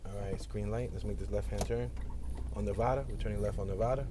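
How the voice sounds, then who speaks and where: A man's voice: lowish voice, fairly even intonation, fast, background noise. A man giving a casual running commentary on a driving tour, chatty and playful, joking and repeating words as he goes. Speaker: vlogger narrating a driving tour. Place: inside a moving car.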